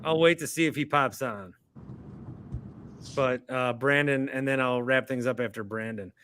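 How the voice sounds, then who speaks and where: A man's voice: mid-range voice, moderate pace, a bit bright, a little hiss or hum. A man hosting a casual call-in show, joking and teasing his callers. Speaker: show host.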